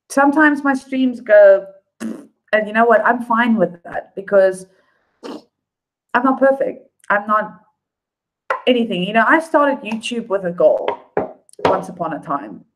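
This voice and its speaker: A woman's voice: mid-range voice, animated, slow pace, long pauses, poor audio. Rambling, heartfelt woman vlogger. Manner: rambling and heartfelt, many fillers. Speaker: YouTube vlogger. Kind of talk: casual live-stream chat.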